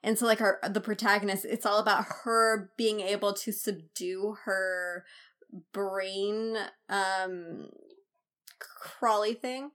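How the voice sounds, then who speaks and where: A woman's voice: medium pitch, fairly even intonation, slow, a bit bright. A woman co-hosting a podcast in casual chat, rambling with lots of fillers. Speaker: podcast co-host.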